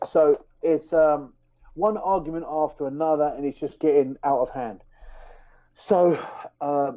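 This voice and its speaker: A man, a fighter, telling a heated story in casual podcast talk, animated and full of restarts. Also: on the high side, highs cut off. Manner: animated, fired-up retelling with many restarts.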